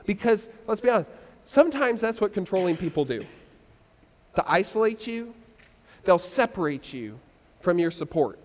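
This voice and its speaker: A man preaching a sermon as pastor, lively and leading the congregation in call-and-response. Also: high-pitched, moderate pace, long pauses, big-room sound. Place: church hall.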